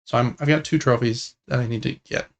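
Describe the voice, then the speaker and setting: Gravelly young man chatting about games. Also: mid-range voice, fairly quick. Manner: relaxed, rambling, enthusiastic about games. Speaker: podcast co-host. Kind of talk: casual gaming podcast chat.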